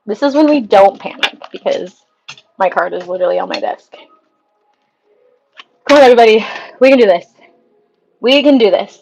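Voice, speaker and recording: A woman singer chatting on a livestream, excitable and talkative, laughing often. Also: medium pitch, moderate pace, vocal fry, long pauses, muffled recording, soft background music. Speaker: singer livestreaming a vote contest. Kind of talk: casual livestream chat.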